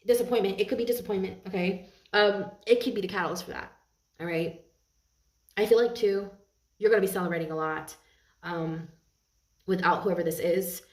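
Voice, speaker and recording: A woman giving a tarot reading to her viewers, earnest and heartfelt, often repeating and restarting her phrases. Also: medium pitch. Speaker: tarot reader. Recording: roomy echo, mic at a distance.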